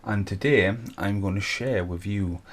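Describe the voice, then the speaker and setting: Low-voiced man giving a chatty intro. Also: a little slow. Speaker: vlogger introducing a collaboration. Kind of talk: casual intro to camera.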